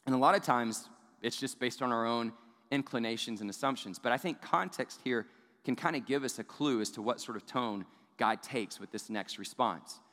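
A male pastor delivering a sermon in a relaxed, conversational tone that keeps checking in with "right?". His voice sits at a middle pitch. A long hall reverb hangs behind him. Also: normal speed. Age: adult parent of young children. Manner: conversational preaching with rhetorical "right?" asides.

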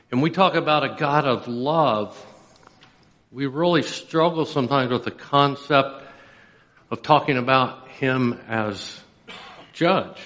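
A pastor preaching a sermon, telling stories with dramatic pauses and building intensity. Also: male voice, mid-range voice, a bit bright, in a large hall. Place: church sanctuary.

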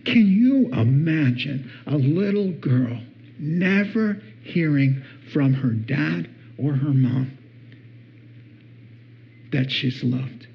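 A man preaching a sermon as a pastor, playful and deliberate, acting out what spouses say. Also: a little high, expressive, creaky. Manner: playful, acts out spouses' words with laughter. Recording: dull lo-fi sound.

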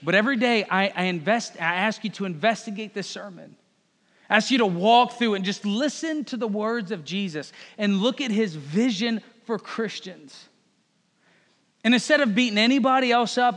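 A man's voice: sits high, lively intonation, moderate pace, fairly bright tone. A man preaching a conversational sermon, talking straight to his congregation. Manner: direct, conversational, addresses congregation as folks and y'all. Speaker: pastor. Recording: long hall reverb.

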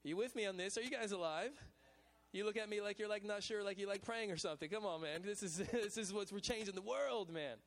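A male pastor of a college ministry, preaching a lively sermon in a casual, chatty way at a church service. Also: high-pitched, quick pace. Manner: casual and chatty, with repeated "man" and "you know what I'm saying".

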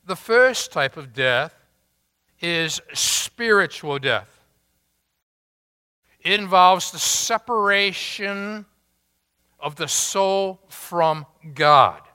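A man preaching a sermon as pastor, emphatic and deliberate, asking the congregation rhetorical questions. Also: high voice, lively intonation, bright, forceful tone, smooth, big-room sound.

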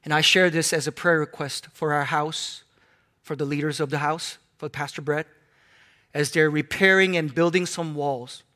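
A man preaching a sermon, swinging between hushed tones and loud, animated exclamations. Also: on the high side, normal speed.

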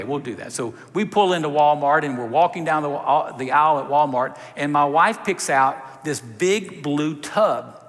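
A man preaching a sermon, telling a story with lively, direct appeals to the congregation. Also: fairly high pitch. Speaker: pastor. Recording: reverberant hall.

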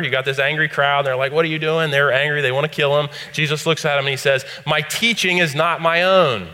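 Bright-voiced male pastor preaching in a reverberant hall. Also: medium pitch. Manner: conversational preaching, rising to emphatic scripture quotes. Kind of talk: sermon. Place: church sanctuary.

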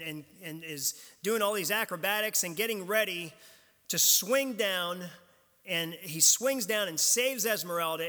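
A man's voice: high-pitched, bright, forceful tone. A man preaching a sermon in a church, speaking conversationally from a pulpit mic. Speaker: pastor. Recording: long hall reverb from the church.

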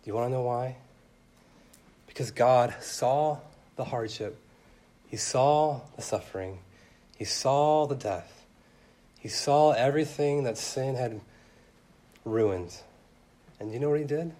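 A man's voice: medium pitch, slow, long pauses. Earnest young man preaching a sermon. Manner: earnest, swells loud then drops soft.

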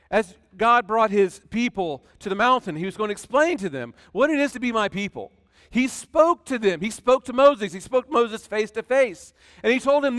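Male pastor, high smooth voice, sermon that moves from loud emphasis to quiet asides, echoey church.

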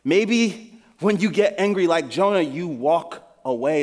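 A man's voice: a little high, lively intonation, measured pace. Man, pastor, earnest, conversational sermon, church hall reverb.

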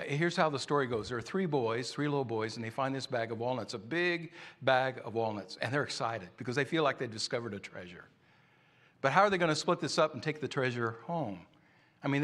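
A man's voice: mid-range voice, fairly bright tone. A man preaching a sermon, telling a story in a conversational way.

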